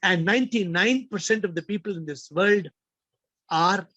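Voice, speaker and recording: Guy teaching on a video call, high voice, dry muffled sound, keeps repeating stuff for emphasis. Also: normal speed, fairly bright tone, no room sound. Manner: emphatic, repeats phrases, rhetorical questions. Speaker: spiritual teacher hosting a call.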